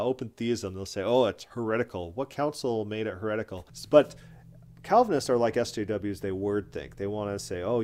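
A commentary video host with a fairly low, slightly mellow voice delivers opinionated, combative commentary. He sounds scornful and often repeats words as he rants.

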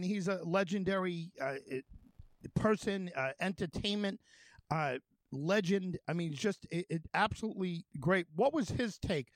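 A male radio host interviewing a guest, talking in halting, rambling runs with many fillers and restarts. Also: high-pitched, no room sound.

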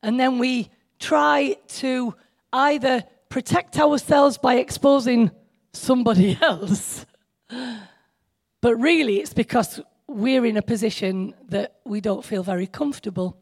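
Speaking at a church meeting, this woman has a higher-pitched voice and an unhurried delivery. She keeps the sermon casual and talkative, teasing herself, trading jokes with listeners, and talking straight to the audience.

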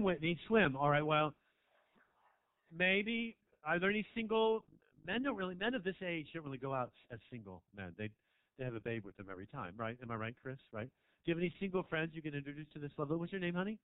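A man's voice: fairly high pitch, clear, resonant tone, no echo. Brash stand-up man, tinny dry sound. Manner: brash, teasing, jumps between mutters and shouts. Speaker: stand-up comedian. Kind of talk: stand-up set with crowd work. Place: small comedy club.

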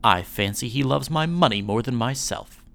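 A man's voice: mid-range voice, lively intonation, moderate pace, gravelly, a bit bright, slight background noise. A man voicing a proud, passionate young heiress who speaks with raised dignity. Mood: impatient.

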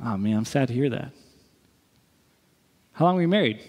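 Animated pastor in a reverberant church hall. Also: male voice, mid-range voice, normal speed. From US East Coast. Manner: animated, acts out quotes, jokey then earnest. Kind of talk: sermon with storytelling and closing prayer.

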